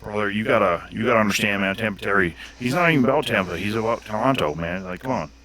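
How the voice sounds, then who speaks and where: A man's voice: fairly low pitch, fast, pushed and bright. A man doing an emphatic impression of a bro-ish man who keeps calling people brother.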